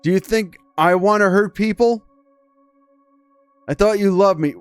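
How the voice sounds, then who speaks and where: A man's voice: high-pitched, a little slow, smooth, no room sound, soft background music, pitched above the performer's own voice. A man voicing a distraught young woman student, bitter and desperate, in pleading, accusing outbursts. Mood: anguished.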